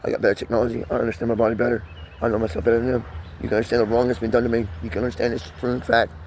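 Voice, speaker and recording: Speaking to the camera with a flat delivery, the same sort of American vlogger has a medium-pitched, darkish voice over slight background noise. His monologue rambles, rushes along and is profane almost sentence by sentence.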